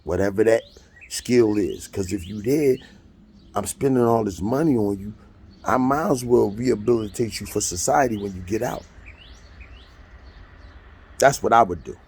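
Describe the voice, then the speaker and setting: A man's voice: fairly low pitch, moderate pace, pauses often, a little mellow, a little hiss or hum. A man, bluntly and profanely retelling a court hearing in a casual monologue. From United States. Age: 50s. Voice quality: gravelly and husky. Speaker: storyteller recounting a court hearing.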